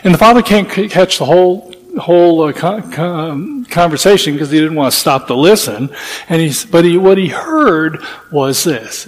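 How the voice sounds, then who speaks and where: A man's voice: on the high side, animated, normal speed, in a large hall, rough recording. A man giving a sermon, telling stories in a folksy, rambling way with frequent restarts. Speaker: preacher. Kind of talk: sermon with storytelling.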